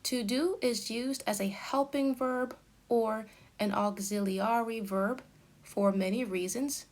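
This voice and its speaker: Slow, careful woman teaching grammar. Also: mid-range voice. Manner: slow, careful, deliberate delivery of example sentences. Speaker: English teacher. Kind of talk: slow explanatory grammar lesson.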